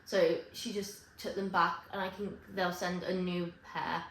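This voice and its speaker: A woman vlogging to camera in casual chat, rambling and correcting herself with quick asides. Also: lowish voice, flat delivery, a bit bright, a little hiss or hum. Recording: echoey room with faint ambience.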